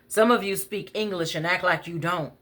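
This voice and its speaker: A woman's voice: fairly low pitch, normal speed, a bit bright, voice pushed up. A woman voicing a stern bus driver scolding passengers over the microphone. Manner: scolding, firm.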